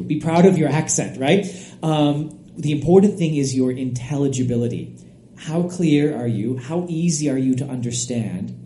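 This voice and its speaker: Dark-voiced man explaining, echoey room. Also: medium pitch, a little hiss or hum. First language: English. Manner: explanatory, steady, tags points with "right?". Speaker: IELTS expert guest. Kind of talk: podcast interview answers.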